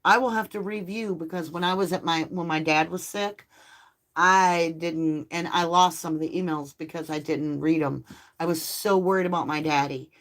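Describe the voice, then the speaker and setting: Middle-aged lady on a live stream, lowish gravelly voice, chatty and affectionate, reads out comments. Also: steady tone, moderate pace, a bit bright. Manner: chatty and affectionate, baby talk to her dogs. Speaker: host of a live tarot stream. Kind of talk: casual live-stream chat, reading out viewer comments.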